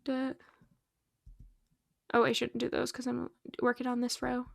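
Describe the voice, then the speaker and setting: A woman's voice: on the high side, monotone, a little slow, vocal fry, no echo. A young woman chatting casually while livestreaming a game, rambling with lots of fillers and laughs, sleepy and yawning. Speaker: streamer.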